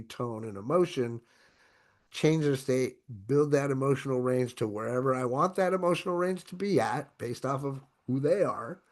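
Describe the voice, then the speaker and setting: A man giving an online sales training to his own camera, talking in an energetic, conversational way and often checking in with "right?". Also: mid-range voice.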